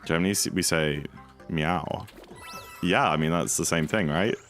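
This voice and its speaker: A man's voice: low-pitched, unhurried, fairly bright tone, faint music behind. A man casually chatting and joking with his chat while speedrunning on a livestream. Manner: playful, jokey, reads chat aloud. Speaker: streamer.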